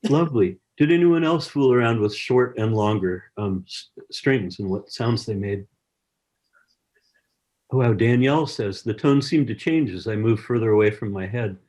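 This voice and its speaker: A man's voice: fairly low pitch, normal speed, darkish tone. A man leading an online science workshop over a video call, encouraging participants and reading chat messages aloud.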